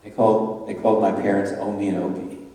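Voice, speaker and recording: An older man giving a public remembrance talk in a measured way, straining when he reads aloud. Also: on the low side, little pitch movement, warm tone, very echoey, long reverb tail, recorded from a distance, low-quality recording. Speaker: speaker at a Holocaust remembrance talk. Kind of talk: public presentation.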